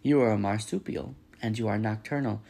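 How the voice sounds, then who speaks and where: A man reading aloud, voicing a curious, literal-minded female robot in a storybook with a plain, calm, questioning manner. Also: lowish voice, a little fast, gravelly. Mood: puzzled.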